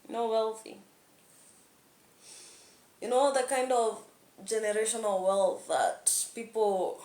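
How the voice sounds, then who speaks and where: Slow, gravelly woman vlogging. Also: mid-range voice, a little mellow. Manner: candid, rambling, laughs often. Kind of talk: casual vlog monologue. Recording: echoey room.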